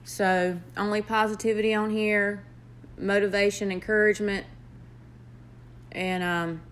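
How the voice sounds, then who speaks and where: Southern woman, young, earnest heartfelt vlog talk, slow and deliberate delivery. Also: medium pitch, level tone, a bit bright. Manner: earnest, heartfelt, with pauses and fillers. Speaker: nurse vlogger. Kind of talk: motivational vlog.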